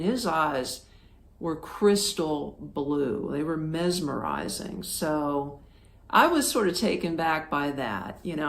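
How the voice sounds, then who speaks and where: A woman from Florida hosting a podcast, telling a travel story in a chatty, casual way, full of fillers and acted-out quotes. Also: fairly low pitch. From Florida, United States. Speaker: podcast host.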